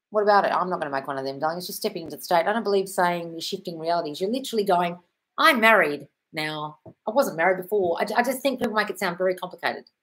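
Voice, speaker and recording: A woman's voice: fairly low pitch, fairly bright tone. A woman answering chat questions on a casual live stream, blunt and sweary, calling viewers darling.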